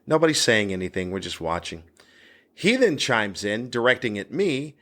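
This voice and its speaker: A stand-up comedian tells a story on a solo episode of his podcast, bluntly and crudely, his voice leaping high as he relives the moment. He speaks at normal speed, with big pitch swings and a fairly bright tone.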